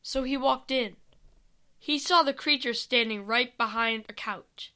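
A woman reading an adventure story aloud, calm and unhurried. Her voice is high and bright, and she keeps an even storybook pace.

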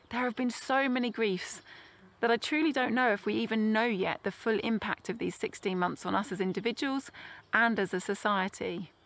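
A woman giving a sermon, earnest and gentle, slowing down to let key phrases land. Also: medium pitch. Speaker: preacher.

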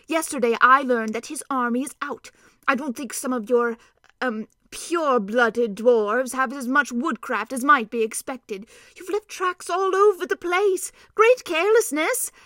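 A woman's voice: sits high, unhurried, bright, forceful tone, no room sound, studio quality. A woman voicing an earnest, learned old male doctor who explains plans in an urgent way.

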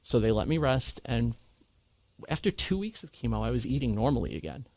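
A man candidly recounting a hard experience in conversation, earnest and animated when he quotes others. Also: medium pitch, fairly quick, no echo. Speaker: guest sharing his cancer story.

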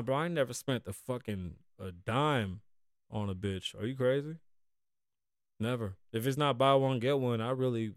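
A man in his forties hosting a casual podcast, with profane, animated trash talk. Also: mid-range voice, dry recording, studio quality. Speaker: podcast host.

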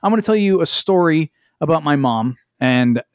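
This man's voice is a little high and expressive, moving at a normal speed, captured in a dry, studio-quality recording. As a podcast co-host, he tells stories in casual conversation, performing quotes and dropping casual swear words.

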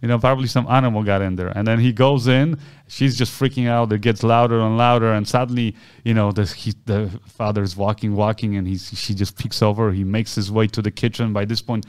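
A man's voice: fairly low pitch, fairly quick, clean tone, dry recording, studio quality. A man co-hosting a podcast, telling a story in a casual chat and acting out the people in it. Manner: animated storyteller acting out quoted voices. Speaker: podcast co-host.

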